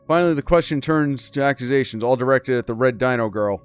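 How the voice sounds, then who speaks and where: A man's voice: mid-range voice, fast, smooth, faint music behind. A man hosting a gaming channel, reading a game's story aloud with casual, crude commentary and disbelieving asides.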